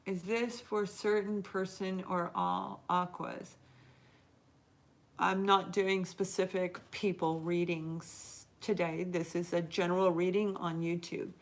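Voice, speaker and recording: A woman's voice: fairly low pitch, fairly even intonation, slow. A middle-aged woman giving a live tarot reading as host, talking earnestly and encouragingly straight to her viewers and stretching out the words she stresses.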